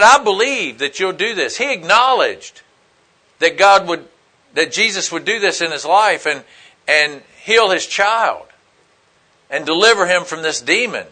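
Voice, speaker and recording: A man with a high, bright, forceful voice delivers a sermon. He talks plainly and casually, as if chatting with the congregation, and drops in "you know" as he goes. The tone stays direct and down to earth. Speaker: preacher. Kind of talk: conversational sermon.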